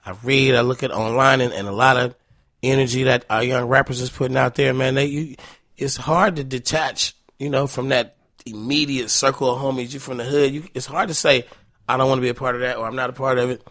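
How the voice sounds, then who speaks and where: A man's voice: medium pitch, steady tone, brisk, a bit bright, no room sound, studio quality. A man guest telling casual, profane stories with frequent laughs. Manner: loose, profane, laughing anecdotes. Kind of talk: casual storytelling.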